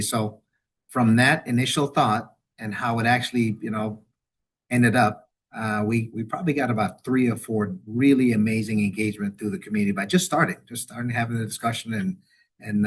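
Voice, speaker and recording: On a video call, a middle-aged man speaks as a webinar guest in his role as a university's veterans director, his mid-range voice carrying a breathy edge. It's a conversational interview in which he rambles, restarts, and repeats words, becoming animated when he quotes.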